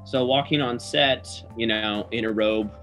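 A young adult male actor telling a lively, self-deprecating story about his first day on set. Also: medium pitch, unhurried, soft background music. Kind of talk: anecdotal interview.

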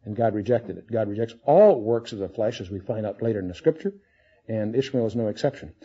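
A man's voice: fairly low pitch, expressive, fairly quick, mellow, husky. A man giving a conversational expository Bible teaching, asking his listeners questions as he reads through the passage. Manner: conversational, asks the audience questions. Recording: dull lo-fi recording.

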